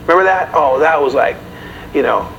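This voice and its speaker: A man's voice: on the high side, animated, moderate pace, gravelly, a bit bright. Man preaching to his congregation. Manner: conversational, asks the audience questions. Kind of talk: sermon. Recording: dull, slightly noisy recording.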